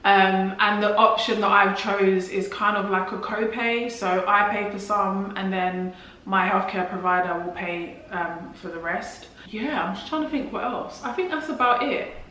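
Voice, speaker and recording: A young London woman with a London English accent vlogs to camera in a mid-range voice, bright and forceful at a measured pace. She chats casually, with lots of "like" fillers and restarts. The room is very echoey, and there's slight background noise.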